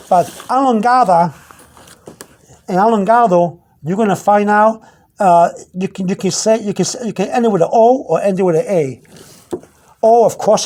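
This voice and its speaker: A man teaching vocabulary in an unscripted video lesson, halting, repeating himself and filling pauses, slowing down to spell out words. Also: high-pitched, a little mellow. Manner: searches aloud through his notes. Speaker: language teacher.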